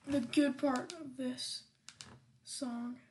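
A woman hosts a casual music podcast, her voice pitched high above most women's. She talks at an unhurried, slow pace. She giggles often and lets her sentences trail off. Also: steady tone, slight background noise. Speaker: podcast host. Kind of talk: casual music reaction chat.

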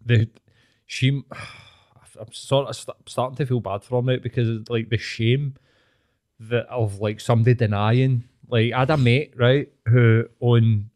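A Scottish man chatting on a podcast, dropping swear words and laughing through his stories. His pitch sits in the middle for a man, neither high nor low. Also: steady tone, measured pace, darkish tone. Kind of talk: casual chat.

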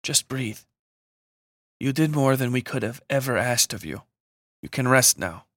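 A man voicing a calm, reassuring woman medic with a light Mexican accent in an audio horror story. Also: rumbling low, unhurried, no room sound, studio quality. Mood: calm, soothing. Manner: gentle and reassuring.

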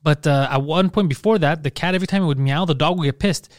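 A man co-hosting a comedy podcast, telling profane stories in casual chat and acting out his own yelling. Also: a little high, quick pace, dry recording, clean studio sound. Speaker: podcast co-host.

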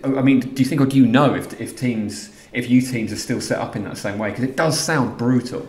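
A man co-hosting a podcast, asking quick, searching questions in casual chat. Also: mid-range voice, darkish tone, roomy sound. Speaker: podcast co-host.

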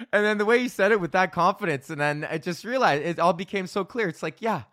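His voice sits high and comes out pushed, bright and animated at a moderate pace, with no echo and clean studio sound. He's a stand-up comic from Alberta, Canada, ranting casually on his solo podcast, telling a long, profane, laughing story and voicing both sides of the dialogue.

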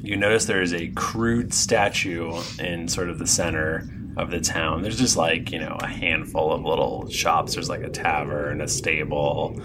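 A man's voice: extremely low pitch, steady tone, a little slow, hardly any pauses, noisy background. A man narrating as game master in a tabletop game, loose and easygoing with many fillers.

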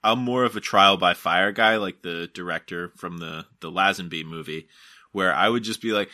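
Male podcast co-host, low and bright, laid-back and crude. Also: normal speed. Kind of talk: casual chat.

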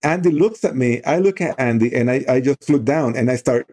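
A middle-aged man who leads a youth outdoor program tells a story loosely and conversationally, filling it with plenty of "you know"s. His voice is mid-range and warm, at a moderate pace.

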